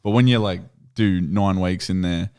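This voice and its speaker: A man's voice: deep voice, moderate pace, darkish tone, clean tone. A young Australian man, a fighter guesting on a podcast, telling stories in a laid-back way, swearing freely and laughing through them. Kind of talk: casual chat.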